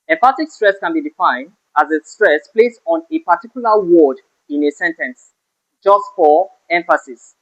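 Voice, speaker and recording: Male tutor, high-pitched, punches stressed words, muffled lo-fi recording. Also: expressive, normal speed, a bit bright. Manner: stresses key words sharply when giving examples. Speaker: English teacher. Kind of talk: exam-prep lesson. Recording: slightly dull lo-fi sound.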